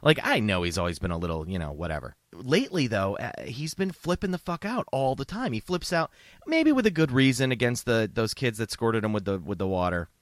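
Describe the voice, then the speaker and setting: A man's voice: mid-range voice, very animated, fairly quick, dry recording, clean studio sound. A man hosting a comedy podcast, ranting sarcastically with heavy profanity and mock outrage. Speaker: podcast host. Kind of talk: comedic rant.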